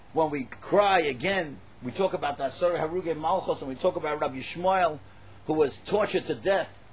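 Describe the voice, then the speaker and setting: A man telling a religious story in sermon style, animated and emphatic, rising to exclamations. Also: on the high side, slight background noise, rough recording.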